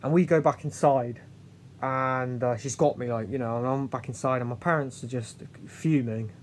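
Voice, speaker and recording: Man, earnest confessional storytelling, halting and restarting, faint background hum. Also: mid-range voice. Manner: halting, with many restarts and trailing pauses. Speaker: vlogger. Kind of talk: candid personal storytelling.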